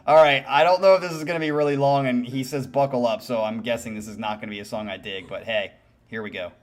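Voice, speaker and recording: A man's voice: medium pitch, steady tone, quick pace. Candid man reacting to music. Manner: candid, musing, casually profane. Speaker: music reaction channel host. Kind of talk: casual music reaction commentary.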